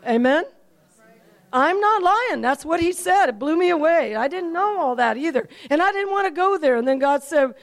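Female preacher, high voice, animated sermon storyteller, quiet asides and loud emphatic peaks. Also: moderate pace. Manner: animated, rises to near-shouting when telling dramatic parts.

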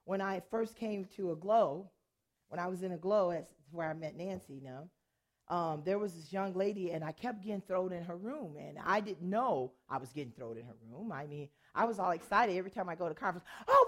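Animated older woman preacher telling a story. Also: on the low side, brisk. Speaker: pastor and worship leader. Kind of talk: sermon storytelling.

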